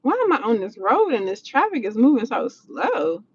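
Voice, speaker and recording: A woman with a high voice talks casually to her livestream chat from inside a vehicle. She speaks bluntly and with energy, using plenty of slang and swearing freely. The sound is dull and lo-fi, like phone-streamed audio. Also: big pitch swings, moderate pace, slightly rough. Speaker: livestream host answering chat. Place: in a vehicle, driving.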